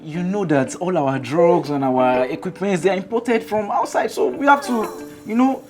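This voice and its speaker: Greedy doctor, Nigerian accent, smooth-talking, lively pitch, as an actor plays it. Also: moderate pace, lightly acted.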